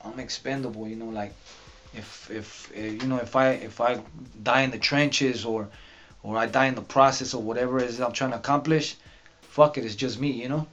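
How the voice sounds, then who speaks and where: Rambling man with halting restarts. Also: mid-range voice, fairly even intonation, a bit bright. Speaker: podcast guest, rapper. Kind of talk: casual sit-down interview. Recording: dull lo-fi podcast audio.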